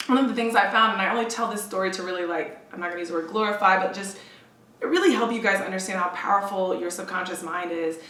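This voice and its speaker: A woman in her thirties, a podcast guest, telling a personal story in a candid, emotional way, often quoting others in a lowered voice. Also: sharp tone. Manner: emotional, intense, quick asides, quotes others in a lowered voice. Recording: roomy echo, distant from the mic, faint hiss.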